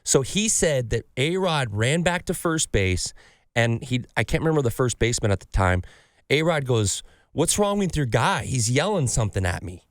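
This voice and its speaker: This sports card podcast host has a medium-pitched voice and a normal pace. He's an animated storyteller who curses liberally and performs the quotes in his anecdotes, recorded dry in a clean studio.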